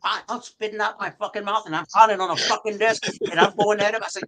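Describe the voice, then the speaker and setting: An older man and retired detective telling police stories in a profane, animated way, acting out shouting as he goes. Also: high-pitched, fast, few pauses, low-quality recording. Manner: profane, animated storyteller who acts out shouting. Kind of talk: storytelling on a podcast.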